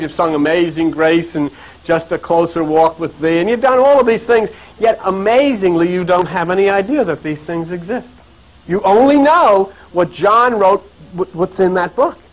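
A man with a high voice delivers a preachy lecture on religion and mythology to an audience, building his points through repeated phrases and rhetorical questions. The recording quality is low.

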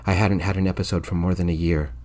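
A man narrating a story in the first person, quietly and evenly, in soft-spoken ASMR storytelling. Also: low voice, flat delivery, fast talker.

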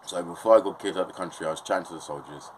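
Young English bloke, slightly low voice, heated swearing rant, keeps checking you follow. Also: male voice, racing, slight background noise, poor audio. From England. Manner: impassioned, swears often, keeps asking "do you know what I mean". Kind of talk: casual ranting monologue.

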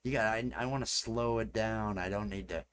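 A man's voice: on the low side, a little fast, fairly bright tone, a little hiss or hum. A man chatting casually with viewers during a live stream. He rambles and repeats his phrases as he works, and he.

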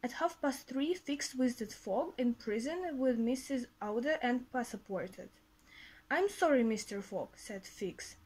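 Higher-voiced woman reading a story. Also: lively intonation, darkish tone, husky, low-quality recording. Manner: brisk reading with fillers. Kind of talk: reading a graded reader aloud.

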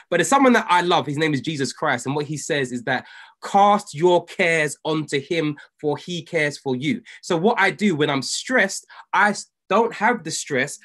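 A man leads a motivational group call with a fairly high voice. He talks in an emphatic, preachy way, swinging from loud exhortation to near-hushed intensity. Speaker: trading coach leading a group call.

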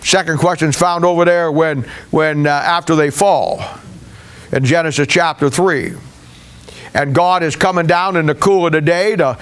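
A man pastor preaching a sermon in a folksy, conversational way, with hesitations. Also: on the high side.

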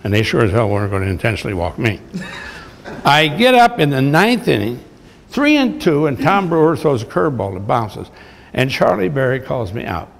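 Telling stories to an audience, this older former baseball manager speaks at normal speed in a gravelly, mid-range voice with big pitch swings. His anecdotes are folksy, blunt, and salty, and the large hall gives the recording an echo.

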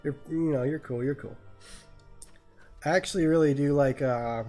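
A man's voice: fairly high pitch, normal speed, warm tone, faint music behind. Crude joking male game streamer. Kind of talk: live gameplay commentary.

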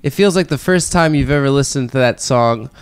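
A young man co-hosting a podcast with a slow, laid-back drawl and frequent laughter, in casual comedic chat. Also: mid-range voice, clean tone, no echo. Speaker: podcast co-host.

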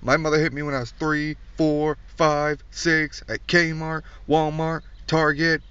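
A man's voice: fairly high pitch, flat delivery, unhurried, fairly bright tone, clean tone, no room sound. A man doing a profane comedic rant, blunt, crude and mocking. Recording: distant dull recording.

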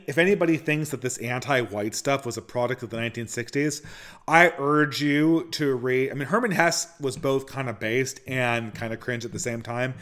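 A man's voice: mid-range voice, fairly bright tone. A man with a mid-range voice hosts a casual question-and-answer session for his channel. He talks in an opinionated, rambling way and often restarts his sentences partway through. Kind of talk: casual Q&A monologue.

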